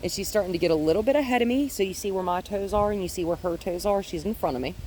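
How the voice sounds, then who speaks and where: A woman dog trainer walking a dog outdoors, explaining her steps calmly and praising the dog in a high, happy voice. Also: racing. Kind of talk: hands-on training demonstration. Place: outdoors in a yard with trees. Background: faint wind.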